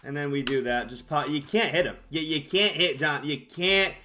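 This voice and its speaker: A man commentating his own baseball video game, excitable and exasperated, shouting at his players. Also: a little high, moderate pace, faint music behind. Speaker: gaming YouTuber. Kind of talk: live gameplay commentary.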